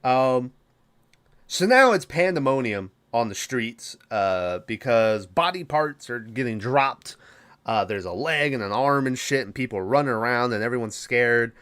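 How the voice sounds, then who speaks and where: A podcast host casually recapping a film, swearing a lot and rambling. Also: male voice, mid-range voice, animated, measured pace, fairly bright tone, clean tone. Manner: profane, rambling, laughing.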